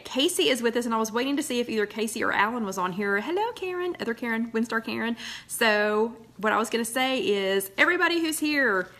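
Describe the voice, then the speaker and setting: A woman's voice: on the high side, a bit bright. A woman hosting a casual live chat from her loft at home, rambling and greeting viewers one by one. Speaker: host of a live weight-loss chat.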